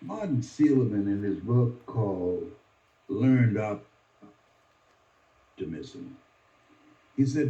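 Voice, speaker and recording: A man's voice: fairly low pitch, expressive, takes it slowly, pauses often, mellow. A man in his seventies from Miami, giving a motivational speech as dramatic storytelling. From Miami, USA. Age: 70s. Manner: dramatic storytelling with sweeping voice changes. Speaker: motivational speaker. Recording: distant echoey dull lo-fi recording.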